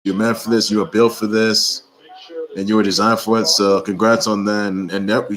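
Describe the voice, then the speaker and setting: A man's voice: lowish voice, flat delivery, normal speed, fairly bright tone, poor audio. A man hosting his own sports report, talking casually and rambling, repeating himself and urging teams on with emphatic exhortations. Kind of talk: casual sports news commentary.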